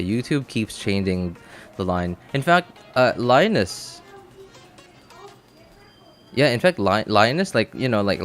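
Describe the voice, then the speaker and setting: A man chatting casually on a game livestream, rambling with many fillers and restarts and laughing easily. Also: fairly low pitch. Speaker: game streamer.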